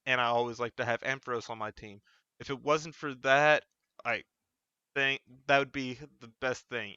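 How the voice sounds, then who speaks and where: A man's voice: medium pitch, sharp tone, clean tone, dry recording, muffled recording. A man hosting his channel, chatting casually at home in a rambling, self-correcting way. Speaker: channel host. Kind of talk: casual solo vlog chat. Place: home room with a fan running.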